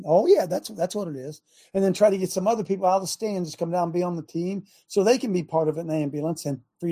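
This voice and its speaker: A man hosting a talk show, preaching in a fiery monologue that shouts for emphasis. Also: high voice, husky.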